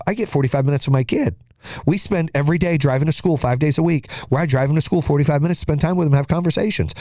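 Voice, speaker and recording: A man's voice: mid-range voice, warm tone, dry recording, clean studio sound. A man in his forties hosting a podcast, giving a blunt, profane motivational monologue with heated bursts. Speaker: podcast host.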